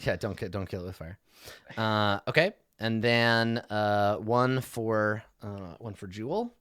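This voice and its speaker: A man narrating as game master in a tabletop game, animated and laughing, with frequent fillers. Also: lowish voice, a little slow, clean tone, no echo, clean studio sound.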